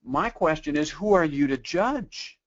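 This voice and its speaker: A man with a high voice teaches a sales webinar. He talks conversationally, leans on rhetorical questions and slips into quoted customer voices. The audio is dull and lo-fi. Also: lively intonation, a little slow. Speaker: sales trainer. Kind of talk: webinar sales training talk.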